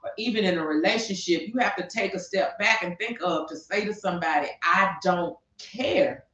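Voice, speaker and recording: Speaking fast in a medium-pitched, fairly bright voice, this podcast co-host rants with passion and fires rhetorical questions at her audience. It's heated opinion talk on a talk show, captured in dull, echoey lo-fi sound from a distance.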